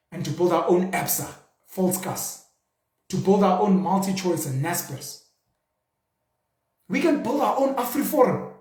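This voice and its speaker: A man's voice: sits high, a little mellow. A young South African man hosting his own show, speaking in a passionate, rhetorical way with mocking asides. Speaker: show host. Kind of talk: casual commentary monologue. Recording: roomy echo.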